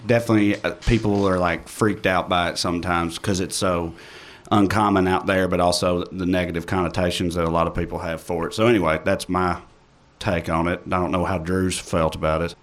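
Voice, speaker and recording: A man's voice: low-pitched, little pitch movement, brisk. A man from Tennessee with an Appalachian accent, a comedian guest chatting in a laid-back, wry way. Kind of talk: casual conversation.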